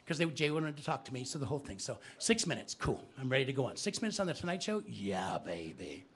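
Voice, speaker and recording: A man's voice: mid-range voice, quick pace. A man giving a theatrical live storytelling performance in a bookstore, drawing the audience into call and response. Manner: animated, theatrical, engages the audience.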